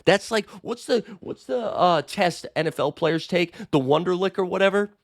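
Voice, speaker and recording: Animated, blunt male sports host. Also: sits high, normal speed, dry recording, clean studio sound. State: slightly hoarse. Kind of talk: casual sports commentary reading viewer comments.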